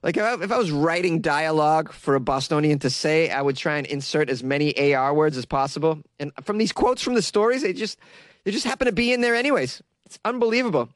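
A man's voice: on the high side, fast talker, dry recording. A young man from Massachusetts with a Massachusetts accent, riffing sarcastically on an odd news story and laughing at his own jokes. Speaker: comedic news commentator.

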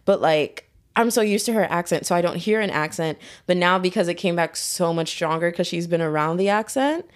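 A young woman telling stories in casual chat, blunt and profane, with an animated storyteller's delivery. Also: on the low side, a little fast.

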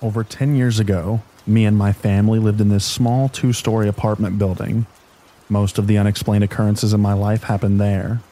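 Male narrator for bedtime horror stories, deep and dark-toned, reading calmly over rain. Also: normal speed, rough recording. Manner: calm, even sleep-story reading. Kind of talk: scripted narration of scary stories.

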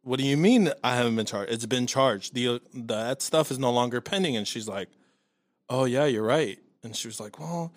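A man in a casual chat, telling a long story in a lively way, acting out the voices of the people in it and swearing freely. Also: mid-range voice, fairly quick, few pauses, no room sound. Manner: animated storytelling, acts out his own quotes, swears freely.

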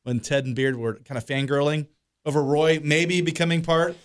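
A man co-hosting a show, chatting in a relaxed way and laughing easily. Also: on the high side, moderate pace, smooth. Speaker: radio show co-host. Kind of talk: casual chat.

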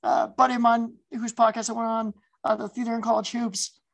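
Upbeat woman co-host with a gravelly, slightly high voice; casual and chatty. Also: a little fast, poor audio. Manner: chatty, animated, frequent fillers. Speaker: podcast co-host. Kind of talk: casual sports chat.

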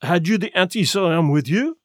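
A fussy Belgian detective, as voiced by a man in an audiobook, with a high voice that rises and falls a lot. He speaks slowly and deliberately, and the recording is dry and close. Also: lively intonation, dry recording. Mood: probing. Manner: measured, deliberate questioning. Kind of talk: audiobook character voice.

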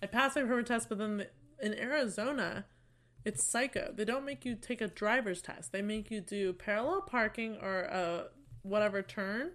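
A young woman chatting on a podcast while a little drunk. She tells stories in a loose, laughing way and swears often. Her voice sits at a medium pitch. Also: normal speed, a bit bright. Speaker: podcast co-host. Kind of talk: casual chat.

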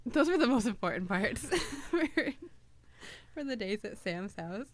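A woman's voice: a little high, sing-song, a little slow, no room sound. A young woman co-hosting a podcast, chatty and easily amused. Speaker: podcast co-host. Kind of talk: casual chat.

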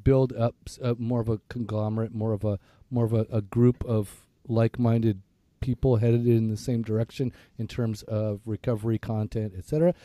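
A man co-hosts a laid-back podcast while nursing a sore throat, so his voice sounds rough. His tone is dark and mellow, recorded close and dry with no room sound. He rambles and stumbles through his lines, poking fun at himself. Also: on the low side, fairly even intonation, normal speed, dry recording. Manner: rambling, stumbling, self-mocking. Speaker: podcast co-host. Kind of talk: casual chat.

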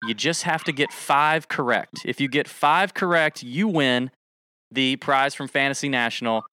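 A man hosting a casual podcast game show, energetic and joking as he hypes up a guest on a studio mic. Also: mid-range voice, a little slow. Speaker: show host.

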